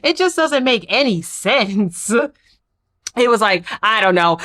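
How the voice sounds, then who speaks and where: Animated woman recapping reality TV. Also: fairly high pitch, normal speed. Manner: blunt, animated, slangy commentary. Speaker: recap vlogger. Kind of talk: casual reality-show recap.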